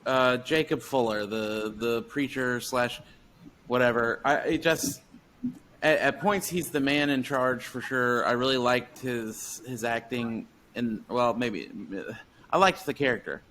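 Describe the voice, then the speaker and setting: A man's voice: mid-range voice, echoey room. Laid-back man host, noisy background. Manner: relaxed, halting, steers the discussion. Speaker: podcast host. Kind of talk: casual movie review chat. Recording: noticeable background noise.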